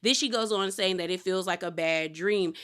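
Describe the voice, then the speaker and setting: Bright-voiced chatty woman recapping TV. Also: on the low side, normal speed, clean tone. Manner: chatty and animated, acts out quotes and exclaims "girl". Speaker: reality TV recap host. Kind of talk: casual episode recap.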